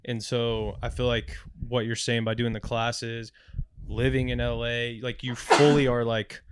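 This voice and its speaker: A man's voice: medium pitch, little pitch movement, unhurried, very noisy. A man co-hosting a podcast, asking long, supportive questions in casual conversation. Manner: supportive interviewer, wordy questions. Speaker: podcast co-host.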